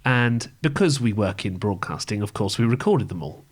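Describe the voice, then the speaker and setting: A man's voice: fairly low pitch, lively intonation, moderate pace, husky. A man co-hosting a podcast in casual comedic chat, playful and teasing, humming mock-dramatic music. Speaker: podcast co-host.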